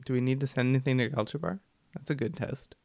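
Deadpan man playing a tabletop game. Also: mid-range voice, quick pace, creaky, no echo. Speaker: player.

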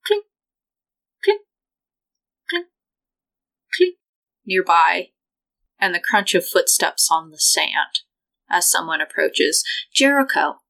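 Woman game master, lower voice, calm and measured describing scenes. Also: low-quality recording. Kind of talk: narrating a tabletop game.

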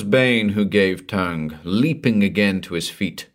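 A man reading a pulp horror story aloud as narrator, in an expressive storytelling manner. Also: lowish voice, unhurried, hardly any pauses.

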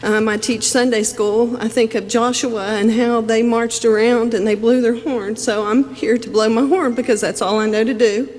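Virginia woman testifying at a hearing, earnest, halting, reverby hall sound. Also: a little high, fairly even intonation, darkish tone. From West Virginia. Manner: earnest, halting, quoting scripture. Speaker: public commenter at a legislative hearing. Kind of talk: public testimony.

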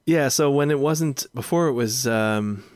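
A man's voice: medium pitch, a little slow, darkish tone, dry recording, clean studio sound. A man co-hosting a film podcast, chatting and musing aloud, often trailing off into questions. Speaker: podcast co-host. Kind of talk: casual film discussion.

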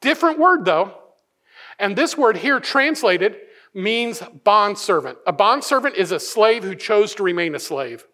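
A male pastor giving a sermon, animated, often restarting phrases and acting out the voices of people he quotes. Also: high voice, unhurried.

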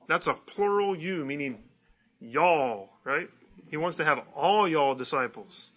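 A man's voice: a little high, sing-song, moderate pace, slightly rough, highs cut off. A man preaching a sermon in a conversational way, often asking his listeners rhetorical questions. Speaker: pastor.

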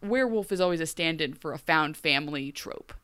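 A woman co-hosting a podcast, giving a wry, animated recap with frequent laughs. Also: sits low, a little fast, clean tone. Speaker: podcast co-host. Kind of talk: casual recap chat.

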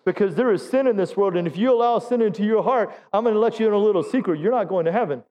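A middle-aged man leads a Pentecostal sermon in a church, pitching his voice high as he urges the congregation to answer him. He breaks up the exhortation with jokes at his own expense. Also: quick pace, warm tone, muffled recording. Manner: exhorting, calls for audience response; self-deprecating humor. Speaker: pastor. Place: church sanctuary.

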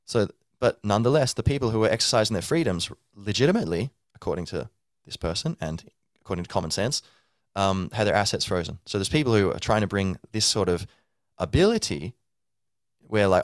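A man's voice: lowish voice, lively intonation, brisk, no room sound, clean studio sound. A man hosting a podcast, talking casually in a loose, rambling monologue full of fillers and restarts. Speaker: podcast host.

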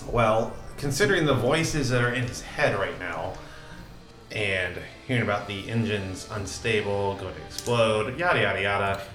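A man's voice: on the low side, normal speed, a bit bright. A man playing a tabletop game, talking casually and thinking aloud. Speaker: player. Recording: echoey room with faint music.

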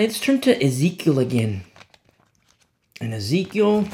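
A man's voice: expressive, normal speed, slight background noise. Man preaching with emphatic sermon swings. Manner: emphatic, swinging from low hushed lines to sharp high exclamations. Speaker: pastor.

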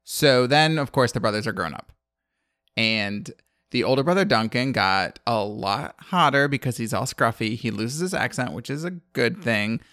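A man's voice: medium pitch, lively intonation, normal speed, pushed and bright, no echo. Chatty rambling man, dry close mic. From American South. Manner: rambling, chatty, laughs often. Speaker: podcast co-host recapping a movie. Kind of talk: casual chat.

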